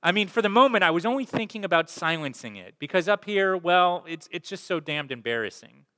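A man voicing a timid, flustered male ghost who pleads and yelps in a strained, higher voice. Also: lively intonation, brisk, sharp tone, in a large hall. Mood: panicked. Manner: pleading, flustered, rising to a yelp. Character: frantic timid male ghost clinging to his lizard.

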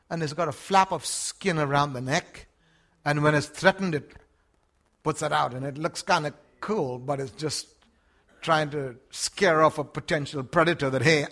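An older man with an Australian accent preaching a sermon, swinging from hushed words to shouts. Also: fairly high pitch, normal speed.

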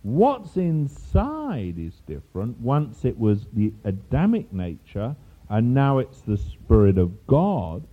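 Slow and slightly breathy, an older English preacher with a mid-range voice tells his sermon story animatedly, chuckling and going off on asides. It's recorded with a tinny, phone-like sound.

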